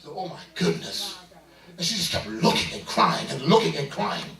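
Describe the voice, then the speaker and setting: A middle-aged man preaching a sermon as pastor, building into loud bursts and calling out to the congregation. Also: a little high, lively intonation, moderate pace, creaky, soft background music. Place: church sanctuary. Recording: echoey church from far off.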